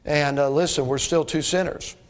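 A man's voice: a little high, steady tone, moderate pace. A middle-aged man preaching a sermon as pastor, talking straight to his congregation in a folksy way with rhetorical questions.

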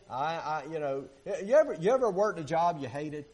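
A man's voice: on the high side, very animated, a little fast, few pauses, a little mellow. A man preaching a sermon in a church, talking conversationally, asking for amens and acting out quoted grumbling. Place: church sanctuary.

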